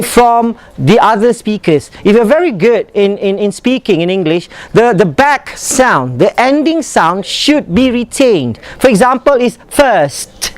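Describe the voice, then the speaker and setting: A man with a Malaysian accent teaching a pronunciation workshop, drilling sounds by repeating words and often chuckling. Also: high-pitched. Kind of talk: live classroom teaching. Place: workshop room full of students. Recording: students chattering in background.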